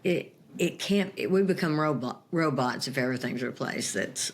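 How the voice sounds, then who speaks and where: Low-voiced woman, easygoing co-host. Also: lively intonation, slightly rough. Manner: easygoing, quick to laugh along. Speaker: podcast co-host. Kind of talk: casual chat.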